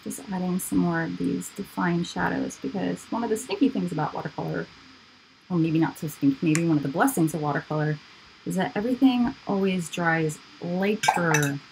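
Chatty woman painting live, lowish voice. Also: normal speed, creaky, background noise. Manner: chatty, goofy, talks to herself as she works. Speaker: artist hosting a live painting stream. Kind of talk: casual chat while painting.

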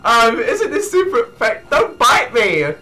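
A young man giving hyper, excitable gameplay commentary, often breaking into shrieks and laughter. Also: very high voice, unhurried, rough recording. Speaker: let's play gamer.

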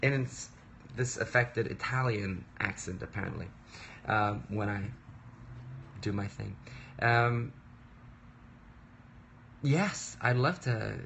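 A man's voice: lowish voice, takes it slowly, gravelly, long pauses, a bit bright, a little hiss or hum. A man in his thirties chatting casually on a livestream from his home work desk, rambling and interrupting himself in a playful way. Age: 30s. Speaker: musician livestreaming.

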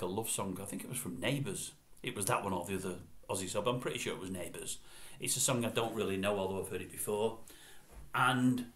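A man rambles through old memories and keeps correcting himself as he talks. His voice sits a little low. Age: 60s. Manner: chatty, meandering, self-correcting. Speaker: vlogger. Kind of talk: rambling reminiscence.

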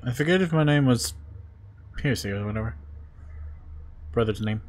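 A man streaming a game live, reading in-game diary notes aloud in a muttering, wry way, with sudden loud outbursts. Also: medium pitch, expressive, moderate pace, slight background noise.

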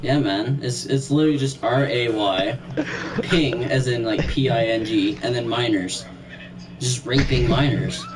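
A man's voice: medium pitch, measured pace, recorded from a distance, noisy background. A teenage boy streaming a shooter game, joking crudely with friends in casual chat. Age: teens. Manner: crude, joking, swears a lot. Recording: game audio and chatter behind.

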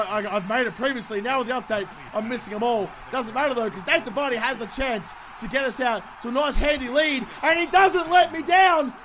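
A young man giving excited, sweary gameplay commentary, swinging between shouts and mutters. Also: very high voice, a little hiss or hum. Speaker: gaming YouTuber.

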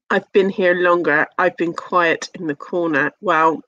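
A woman's voice: fairly low pitch, fairly bright tone, dry recording, highs cut off. A young English woman chatting casually with her live-stream viewers, teasing and swearing, with lots of fillers.

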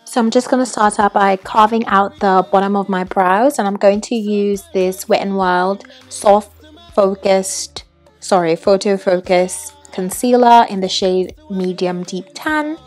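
A woman's voice: medium pitch, measured pace, faint music behind. A young woman narrating a makeup tutorial voiceover in a put-on British accent, chatty with some ums and self-corrections.

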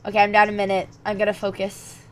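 A woman's voice: mid-range voice, fast. A young woman streaming chess, thinking her moves aloud and breaking off to chat with her viewers. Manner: muttering calculations, then bursts of animated chat with viewers. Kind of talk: thinking aloud while playing chess online.

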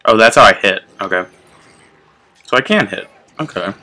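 A young man hosting his gaming channel, chatting casually and reacting out loud to the game as he plays. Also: fairly low pitch, lively intonation, moderate pace, pauses often, slight background noise. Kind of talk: casual gameplay commentary.

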